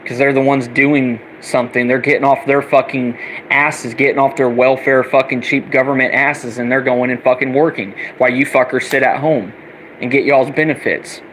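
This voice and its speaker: Young guy ranting hard, swearing nonstop, mid-pitch voice, faint ac hum behind him. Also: steady tone, normal speed, fairly bright tone, low-quality recording. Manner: heated, profane, repetitive ranting. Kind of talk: angry political rant vlog.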